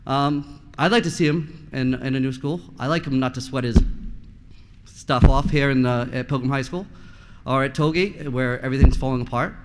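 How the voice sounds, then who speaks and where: A man's voice: mid-range voice, normal speed, background noise. A man in his forties, a parent speaking at a school committee meeting, blunt and impassioned, with frequent rhetorical questions. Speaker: parent giving public comment. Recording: long reverb in a meeting hall.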